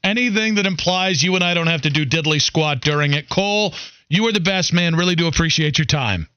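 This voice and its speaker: A man's voice: fairly high pitch, brisk, bright, forceful tone, clear, resonant tone, no echo, lo-fi sound. A man hosting a sports radio show in casual, joking banter, rambling and self-deprecating.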